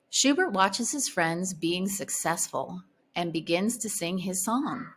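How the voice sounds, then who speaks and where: Expressive woman reading a children's story. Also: lowish voice, slow. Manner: clear, expressive, child-friendly. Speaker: storybook reader. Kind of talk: read-aloud storytelling.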